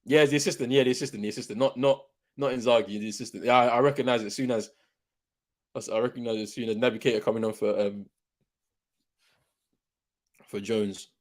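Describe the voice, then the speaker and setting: Young man, watchalong host; slangy, excitable, repeats lines, jumps from shouts to mutters. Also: medium pitch, fast talker, long pauses. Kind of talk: live football watchalong commentary.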